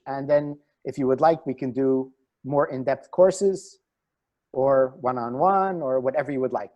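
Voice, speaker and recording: A middle-aged man, a relationship coach, giving a webinar talk over a video call and telling animated anecdotes. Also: mid-range voice, measured pace, lo-fi sound. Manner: animated storyteller, chuckles at himself.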